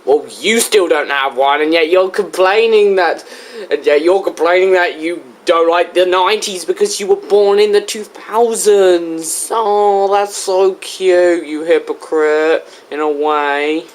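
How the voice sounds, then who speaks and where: A man's voice: high voice, a little slow. A young man giving casual, sarcastic reaction commentary on a game review. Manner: sarcastic, drawling when mocking. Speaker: video reviewer.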